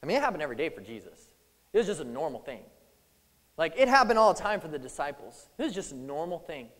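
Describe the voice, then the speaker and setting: A man preaching a sermon, casual and animated, acting out scripture scenes in little voices. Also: fairly high pitch, fast talker. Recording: long hall reverb.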